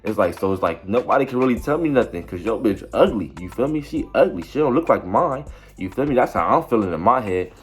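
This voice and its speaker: Young man, lowish voice, slangy rambling storytelling, faint music behind. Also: lively intonation, quick pace, husky. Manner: slangy, rambling, repeats "you feel me". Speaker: vlogger. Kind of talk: casual storytelling.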